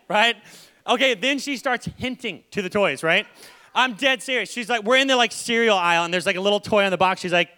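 A young man preaching a sermon, acting out stories with sudden shouts and repeated words. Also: sits high, fast talker, clean tone. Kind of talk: animated sermon storytelling.

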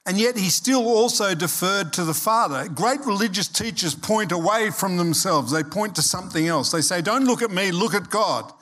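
A man's voice: high voice, expressive, normal speed, hardly any pauses, a bit bright. A man in his sixties preaching a sermon as pastor, talking conversationally, checking in with the congregation and slipping in humorous asides.

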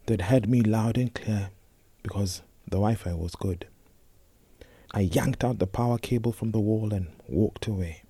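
A young man telling a personal story in a slow, intense spoken-word reading, often sinking to a whisper. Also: fairly low pitch, mellow, husky, no echo. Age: young adult.

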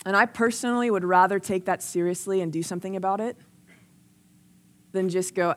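A woman preaches into a microphone in a medium-pitched, fairly even voice, speaking a little fast. She is conversational and earnest, telling personal stories sprinkled with "like," and her intensity keeps building.

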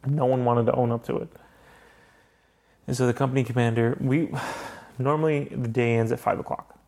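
A man's voice: mid-range voice, fairly even intonation, normal speed, gravelly, a little mellow. A young man hosting a casual chat podcast, telling a story in a heated, profane way. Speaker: podcast host.

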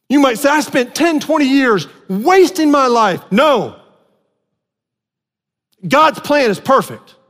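A man preaches with a high, lifting voice that rings through a long hall reverb. He drops into quiet, low asides, then climbs back to raised, emphatic lines. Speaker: pastor. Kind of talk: sermon. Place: church sanctuary.

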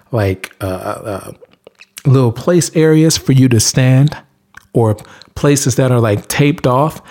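A man in a casual monologue hands out hygiene and cleaning tips with blunt, preachy insistence. His pitch sits in the middle, and he drives points home by repeating short commands, in loose informal speech. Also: dark tone. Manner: blunt, preachy, emphatic repetition. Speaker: vlogger giving tips.

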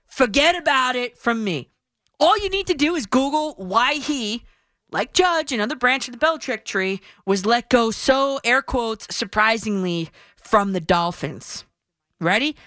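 A woman's voice: mid-range voice, a bit bright, no room sound. A woman hosting a sports radio show, giving her opinions in a punchy, emphatic way into a studio microphone.

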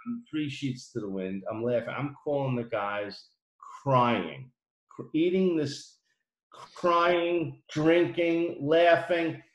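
A man spinning a long story in casual chat, swearing freely and bursting into loud, lively stretches. His voice is mid-pitched. It bounces around an echoey room. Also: slow, dull audio. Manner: animated, profane, mimics people in his stories.

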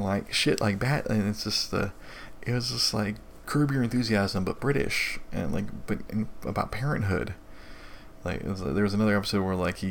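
A man's voice: lowish voice, vocal fry, a little hiss or hum. A young adult man hosting a live stream, chatting casually in a rambling, profane way with many restarts. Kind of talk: casual chat.

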